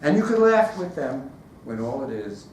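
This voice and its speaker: A man's voice: medium pitch, normal speed, a little hiss or hum. A man giving a storytelling speech at a speaking club, acting out scenes with sounds as he goes. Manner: animated, acts out scenes with sounds. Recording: echoey room from far off.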